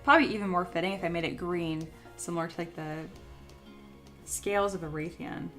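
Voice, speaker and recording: Young woman, relaxed livestream teacher, talks through her work and chats with viewers; voice still a bit rough. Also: fairly low pitch, fairly quick, faint music behind. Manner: chatty, reads chat aloud and answers. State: voice still recovering from illness. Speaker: sculpting livestream host. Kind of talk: casual livestream tutorial.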